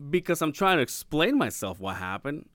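A man's voice: fairly high pitch, big pitch swings, normal speed, a bit bright, dry recording, clean studio sound. A man telling a story in casual podcast chat, swearing freely and acting out the voices of the people he quotes. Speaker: podcast guest. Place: podcast recording room.

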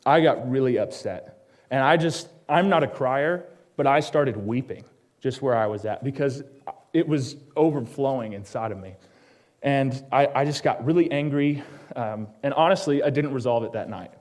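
A man preaching a personal sermon in a church, telling his story and turning to ask the congregation quick questions, going quiet and low on the solemn lines. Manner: drops to a hushed tone on solemn lines. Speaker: pastor.

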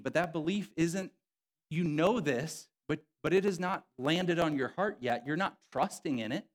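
A man preaching a sermon as a pastor, animated and conversational, acting out quotes from scripture in his own voice. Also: medium pitch.

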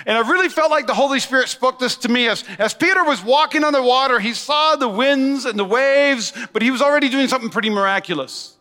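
A man preaching a sermon to a congregation, animated and conversational, full of asides and call-and-response. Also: very high-pitched, brisk. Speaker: pastor. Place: large church hall. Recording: long church-hall reverb.

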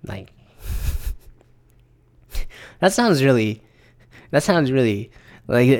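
A man's voice: mid-range voice, big pitch swings, slow pace, long pauses. A young man hosting a podcast, in a rambling, profane, exasperated monologue. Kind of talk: casual ranting monologue.

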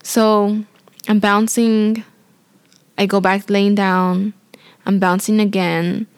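A woman's voice: mid-range voice, little pitch movement, slow, smooth, no room sound. Chatty young woman, dry close sound. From Spanish-speaking family. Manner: chatty and rambling, heavy use of "like" and "you know"; apologetic and self-aware. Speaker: new mother telling her birth story. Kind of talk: casual storytelling to camera.

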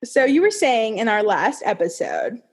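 A woman co-hosting a podcast, an animated storyteller who fills her talk with "like". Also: fairly high pitch, normal speed, slight background noise. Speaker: podcast co-host. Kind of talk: casual chat.

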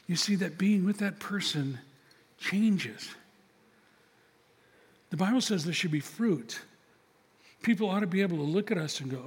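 An older pastor preaches a sermon in a church sanctuary, speaking conversationally, telling stories and acting out small scenes of dialogue. His high-pitched, expressive voice is unhurried and a little breathy, with long pauses, and the long reverb of a large hall surrounds it.

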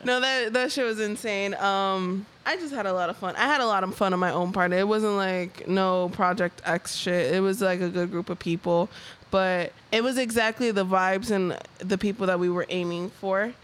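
A young woman co-hosting a podcast in a casual, profane storytelling style. Her voice is bright and forward. She talks about herself and the people around her in easy, loose chat. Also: mid-range voice, normal speed, clear, resonant tone. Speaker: podcast co-host.

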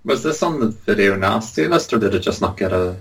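A man's voice: on the low side, lively intonation, brisk, gravelly, breathy edge. A man in a casual film podcast chat, speaking hesitantly and full of fillers. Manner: hesitant, many fillers like 'like' and 'uh'. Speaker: podcast co-host.

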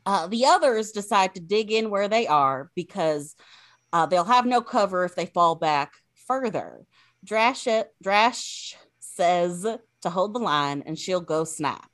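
A woman's voice: medium pitch, lively intonation, slow pace. A woman casually recapping an episode, chatty and full of fillers. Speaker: podcast host recapping an episode.

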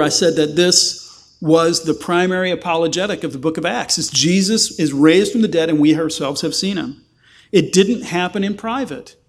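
A male pastor preaching a sermon with passion, asking rhetorical questions and acting out the voices he quotes. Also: sits high.

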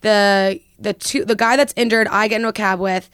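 A young woman co-hosting a podcast, telling a story with lots of fillers and a slightly hoarse voice. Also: mid-range voice, moderate pace, dry recording, clean studio sound. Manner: animated storyteller, many fillers. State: hoarse after a late night. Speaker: podcast co-host. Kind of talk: casual chat, storytelling.

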